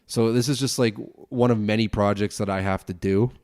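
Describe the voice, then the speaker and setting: A young man hosting a casual solo podcast, rambling quickly with lots of restarts and swearing. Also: fairly low pitch, steady tone, a little mellow, no echo, clean studio sound. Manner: fast rambling talk, frequent swearing and restarts. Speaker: podcast host and broadcasting student.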